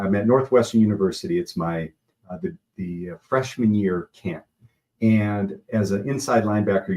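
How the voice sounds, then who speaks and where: A man with a fairly low voice speaks as a guest, sharing personal stories in an earnest, motivational way. He grows animated as he tells his anecdotes and lands each one on a lesson. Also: poor audio. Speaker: guest, martial arts instructor and speaker. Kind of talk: motivational storytelling.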